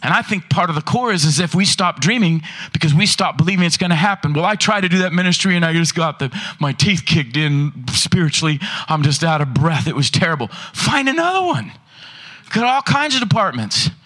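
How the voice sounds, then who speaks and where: High, bright-voiced preaching man. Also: a little fast, hardly any pauses. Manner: animated preaching, rhetorical questions to the congregation. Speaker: pastor. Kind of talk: sermon. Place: church.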